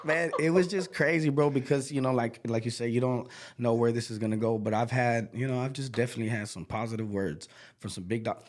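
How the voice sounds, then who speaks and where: A middle-aged man, a country singer, telling stories in a casual interview, slangy and animated, acting out the voices of people he quotes. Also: medium pitch, fairly quick.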